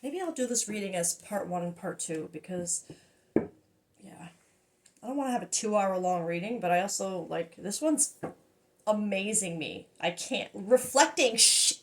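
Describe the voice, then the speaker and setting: A woman giving a casual tarot reading, excitable and emotional, often laughing and trailing off mid-sentence. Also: medium pitch, unhurried, background noise. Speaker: tarot reader.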